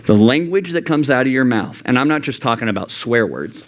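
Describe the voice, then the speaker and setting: The youth pastor, a young adult man, talks a little fast during his sincere youth sermon in a church youth room. Quoting God or himself, he regularly switches to high, animated voices.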